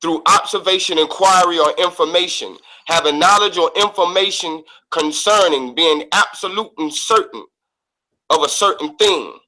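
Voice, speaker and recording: A man calmly teaching over a call, breaking his subject down word by word. His voice sits slightly high and sounds bright and forward. The delivery is steady and methodical. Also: normal speed, low-quality recording. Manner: calm, methodical, defines words step by step. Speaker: guest speaker. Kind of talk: lesson on an online call.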